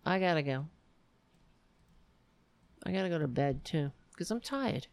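A middle-aged woman hosting a casual live stream, reading chat messages aloud and chatting in a wry, rambling way with quick asides. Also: lowish voice, smooth, no echo. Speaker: livestream host reading chat.

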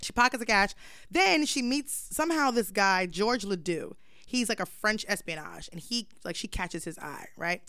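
A young adult woman hosting a podcast, telling a story in lively, profane slang. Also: mid-range voice, moderate pace, dry recording, clean studio sound. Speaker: podcast host. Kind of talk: casual chat, storytelling.

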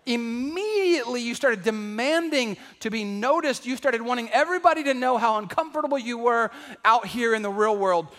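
A man preaching a sermon to a congregation, animated and calling out to the crowd, acting out everyday voices for laughs. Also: extremely high pitch, normal speed, big-room sound. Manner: acts out household voices for laughs. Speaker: pastor. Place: large church hall.

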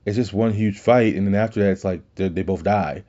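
A man's voice: fairly low pitch, a little fast, warm tone, highs cut off. A man hosting a podcast, rambling and swearing in casual talk with many restarts. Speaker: podcast host.

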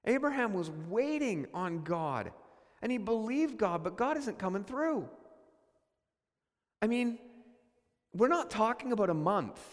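Male pastor, sermon delivery, earnest and questioning, high-pitched, hall echo. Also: sing-song, a little slow, long pauses. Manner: earnest, questioning, with many restarts.

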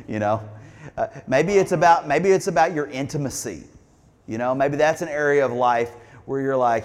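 In a large hall, a man with a mid-range voice speaks at normal speed. He's a pastor delivering a sermon in a church sanctuary, keeping it conversational and asking the congregation questions.

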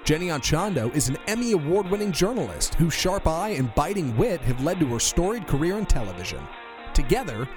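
A man reading a scripted show introduction in a smooth, showy announcer style. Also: high-pitched. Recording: announcer voice over loud guitar music.

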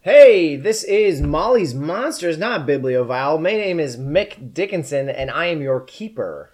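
A man running a tabletop game as game master, narrating in a lively, jokey way. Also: a little high, unhurried.

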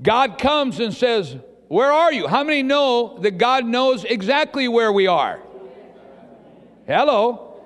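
High-voiced preacher in a reverberant hall. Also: male voice, takes it slowly. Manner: lively preaching, acts out quoted voices, quizzes the congregation. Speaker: pastor. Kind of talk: sermon. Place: church hall with long reverb. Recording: long hall reverb in a church.

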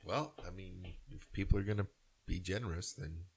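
A man's voice: sits low, moderate pace, a little mellow, breathy edge. A man co-hosting a podcast, chiming in with dry, wry remarks during casual chat. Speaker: podcast co-host.

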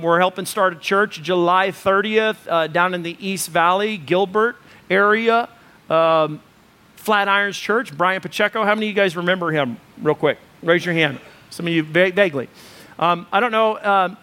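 A man's voice: high voice, normal speed, sharp tone. A male pastor preaching a sermon in a conversational style with many fillers, building to emphatic repeated lists.

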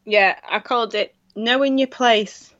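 A woman's voice: on the high side, measured pace, fairly bright tone, no echo, highs cut off. A woman co-hosting a casual chat, rambling with restarts and laughing often. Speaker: podcast co-host.

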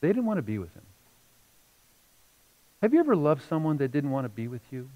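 A middle-aged man preaching from the pulpit, his voice ranging widely as he tells a heartfelt story. He drops to near hushes and then rises with feeling. The recording sounds a little dull and lo-fi. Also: a little high, very animated, brisk. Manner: emotional storytelling, rising and falling between hushed and loud. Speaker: pastor. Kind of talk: sermon.

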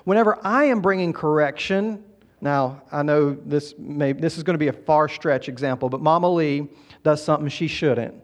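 Middle-aged pastor guy preaching in church, kinda high voice, chatty, keeps checking in with the room. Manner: conversational preaching with quick asides to the congregation. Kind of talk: sermon. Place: church sanctuary.

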